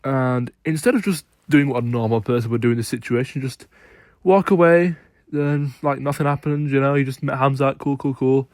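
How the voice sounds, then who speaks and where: A man's voice: medium pitch, normal speed, darkish tone, no echo, clean studio sound. A man giving opinionated sports commentary, emphatic and insistent as he argues his case.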